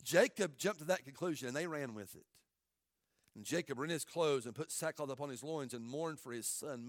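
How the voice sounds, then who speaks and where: A man preaching as a pastor, an impassioned sermon that swings from hushed asides to near shouts. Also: on the high side, normal speed, dry recording, studio quality.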